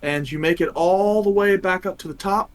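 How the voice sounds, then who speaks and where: A man narrating scenes as game master, with measured descriptions and frequent fillers. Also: high voice.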